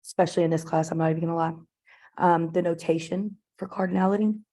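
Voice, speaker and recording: A woman lectures a math class in a classroom, her voice sitting a little low. She talks in a chatty, informal way, full of fillers and side remarks to the students. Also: steady tone, fast, dark tone. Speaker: math teacher.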